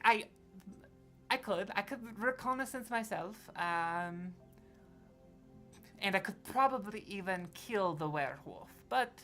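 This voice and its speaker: A woman voicing a protective older female monster hunter with a Russian accent, speaking in halting, pleading bursts. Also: on the low side, fairly bright tone, full character voice.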